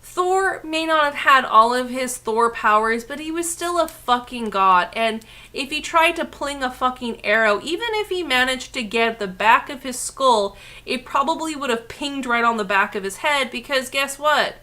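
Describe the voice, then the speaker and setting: A woman co-hosting a casual chat, swearing freely and breaking into loud shrieks and outbursts. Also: sits high, animated, moderate pace. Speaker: co-host.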